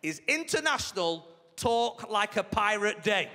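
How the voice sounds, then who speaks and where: A man doing stand-up, chatty and cheeky, his voice pitched high and swinging about animatedly. He is recorded live on a theatre stage mic, with the hall ringing around him and a crowd clearly audible. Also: lively intonation, moderate pace, background noise. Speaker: stand-up comedian. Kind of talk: stand-up comedy set. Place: large theatre stage with a laughing audience. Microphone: stage microphone.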